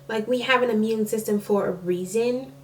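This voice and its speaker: Young woman, rambling storytime vlog, higher voice, a bit far from the mic. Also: moderate pace, slight background noise. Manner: rambling, full of "like" and restarts, apologetic asides. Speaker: vlogger, nursing student and mom. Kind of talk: casual storytime chat to camera.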